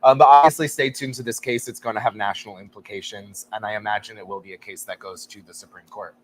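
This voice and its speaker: A man's voice: on the low side, steady tone, fast, background noise. A man co-hosting a morning talk show, reacting with wry, teasing remarks. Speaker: radio co-host. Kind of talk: casual chat.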